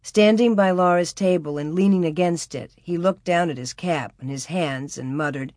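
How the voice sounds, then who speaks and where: A woman narrates a storybook with a calm, measured, expressive delivery. Her voice sits a little low, and the recording is dry and close. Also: no room sound. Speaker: audiobook narrator.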